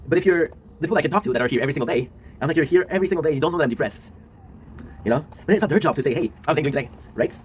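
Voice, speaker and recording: A worn-out man in his twenties unloads in a quick, rambling confessional monologue and keeps tagging his lines with a question. His words spill out at a breakneck pace and he swears as he goes. A faint background noise sits under the voice. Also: a little high, expressive, low-quality recording. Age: 20s. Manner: rambling, often adds a tag question and swears. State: low and worn out. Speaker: streamer and video creator.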